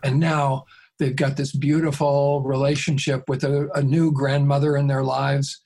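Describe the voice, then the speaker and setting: A man with a husky, slightly rough voice, guest on an interview, recounting a mediation case at a measured, even pace. He talks in a calm, conversational way. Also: medium pitch.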